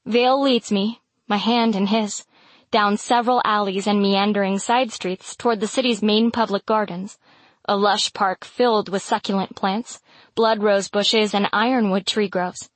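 A woman narrating a first-person romantic fantasy audiobook in an intimate, measured storytelling voice. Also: mid-range voice, fairly even intonation, no room sound.

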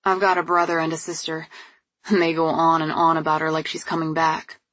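Woman voicing a gentle young man, earnest, soft-spoken, lowish voice, husky, dry close sound. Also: completely flat delivery, a little fast, no room sound. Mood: sad.

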